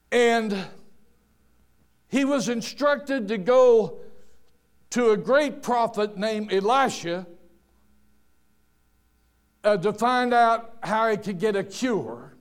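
Un predicador mayor que cuenta historias bíblicas en un sermón, con tono campechano y enfático, repitiendo palabras y haciendo comentarios al margen. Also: male voice, high-pitched. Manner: folksy and emphatic, with restarts and asides. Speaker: preacher. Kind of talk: storytelling sermon.

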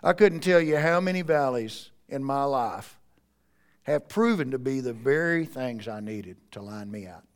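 A man preaching a sermon in church, swinging between quiet, close passages and loud, rising appeals. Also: medium pitch, expressive, unhurried, clean tone. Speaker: pastor.

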